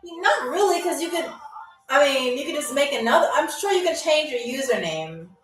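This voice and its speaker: A woman hosting a live-streamed game show, teasing viewers and reading their comments aloud, and saying foreign phrases very slowly. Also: sits high, animated, a bit bright. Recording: roomy, mic at a distance, faint music.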